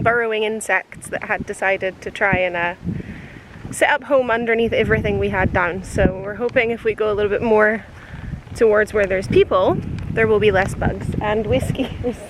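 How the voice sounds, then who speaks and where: A woman vlogging from a beach, chatty and gushing, thinking out loud as she films on a camera mic. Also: fairly high pitch. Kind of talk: casual travel vlog. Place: windy beach outdoors. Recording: heavy wind noise outdoors.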